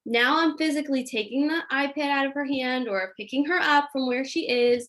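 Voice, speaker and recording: Woman, slightly high voice, casual live Q&A, parenting coach, chatty with fillers, video call. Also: normal speed, few pauses, fairly bright tone. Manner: chatty, frequent "um" and "like". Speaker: parenting coach answering questions.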